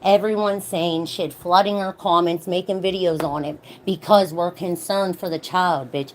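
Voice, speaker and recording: A woman's voice: lowish voice, fairly even intonation, normal speed, slight background noise. A young woman vlogger in a heated, profane rant, commenting on another mother. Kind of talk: ranting commentary vlog.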